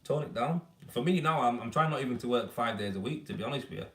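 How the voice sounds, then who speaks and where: A man's voice: mid-range voice, expressive, fast talker, a bit bright. A man with a Yorkshire accent, chatting casually and matily to viewers on a live stream about his rendering work. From Yorkshire, England. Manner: laid-back, matey, rambling. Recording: echoey room, mic at a distance.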